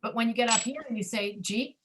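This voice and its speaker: A woman's voice: fairly high pitch, fast, fairly bright tone, a little hiss or hum. A woman teaching a pronunciation class over a video call, demonstrating reduced speech and often checking that students understand.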